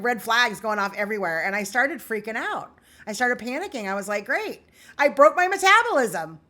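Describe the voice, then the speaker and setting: A woman with a slightly high, sharp-toned voice records a candid vlog on an emotional day. She opens up to her viewers in an earnest, confessional way.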